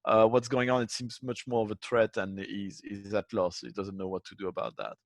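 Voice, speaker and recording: A man's voice: lowish voice, brisk, dry recording. A man playing a tabletop game who talks hesitantly, with many restarts and fillers. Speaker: player.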